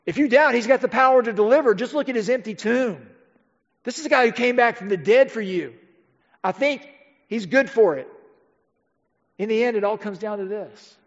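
A man preaching a sermon emphatically, slowing down and dropping to a near-quiet voice for key phrases. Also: very high voice. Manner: emphatic, with dramatic slowdowns and drops to near-quiet. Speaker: pastor. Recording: dull audio with long hall reverb.

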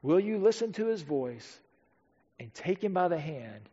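Man, high voice, preaching, emphatic, dramatic slow pauses, long hall echo, muffled audio. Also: big pitch swings, slightly rough. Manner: emphatic, with dramatic slowdowns and drops to near-quiet. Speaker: pastor. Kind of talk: sermon.

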